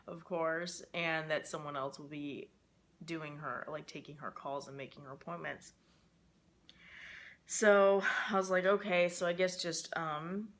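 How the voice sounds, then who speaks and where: A woman's voice: low voice, fairly bright tone. A young woman talking to camera in a casual personal vlog, rambling and emotional with many fillers, stressed and frustrated. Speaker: vlogger.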